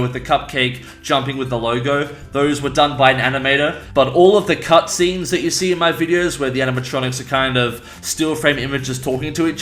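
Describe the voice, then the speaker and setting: A man's voice: mid-range voice, fairly bright tone. An upbeat man answering viewer questions in a casual, chatty way. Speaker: YouTuber and voice actor. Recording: echoey room.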